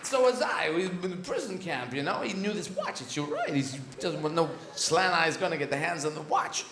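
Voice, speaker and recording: A drawling, oddly paused male actor mangling Shakespeare, as a comedian puts him on. His pitch leaps all over, and the voice echoes through a big theatre. Loud audience laughter rolls underneath. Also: very animated, a crowd in the background. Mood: deadpan. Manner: halting, odd pauses, rambling.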